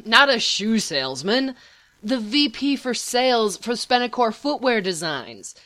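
A woman's voice: a little high, big pitch swings, measured pace, fairly bright tone, no room sound, pitched above the performer's own voice. A woman voicing an irritated young man who protests and huffs. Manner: protesting, huffy. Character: irritated young male patient, huffy.

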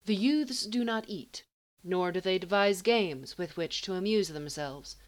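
A woman reading a story aloud in a measured, even way. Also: mid-range voice. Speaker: narrator.

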